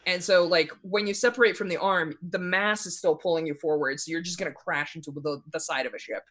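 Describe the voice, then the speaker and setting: A game master narrating a tabletop role-playing game, talking in halting bursts with frequent restarts and little laughs. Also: mid-range voice, steady tone, fairly bright tone.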